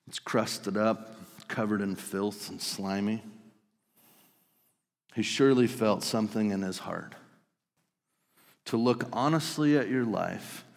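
A man preaching a sermon, telling the story vividly and swinging between loud outbursts and hushed lines. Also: mid-range voice, big-room sound. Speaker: pastor.

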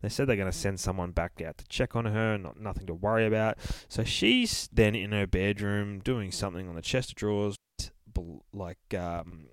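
A man with a somewhat low voice walks through a horror comic in a loose, rambling, heavily sweary way, stopping often on ums and uhs. The sound is dry and close, with almost no room around it. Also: moderate pace, no room sound. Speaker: comic book reviewer. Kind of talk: casual retelling of a comic.

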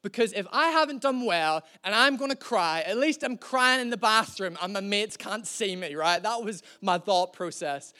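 A man preaching a sermon in a conversational, storytelling way, slowing down to stress key lines. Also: high-pitched, lively intonation, bright, forceful tone.

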